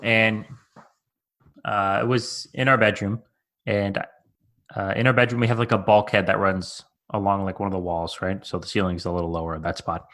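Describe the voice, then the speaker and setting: Male podcast co-host, relaxed and rambling, lowish voice. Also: moderate pace. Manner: laid-back, rambling storyteller with many fillers. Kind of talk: casual podcast chat.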